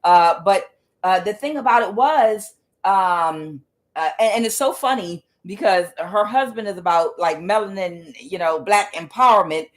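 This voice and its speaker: A woman tarot reader delivers a casual monologue, telling her story bluntly, swearing freely, and repeating words for emphasis. Her voice is medium in pitch and her pace measured.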